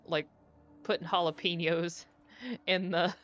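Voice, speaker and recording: A young woman streaming as she plays, chatting casually and getting easily excited as she muses aloud. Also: fairly low pitch, takes it slowly. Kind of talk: casual stream chat while playing. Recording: dull lo-fi audio with faint music.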